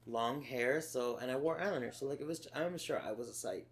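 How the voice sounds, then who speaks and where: A man's voice: mid-range voice, fairly quick. A man from Los Angeles, a podcast co-host telling stories in a sardonic, profane way. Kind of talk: casual chat.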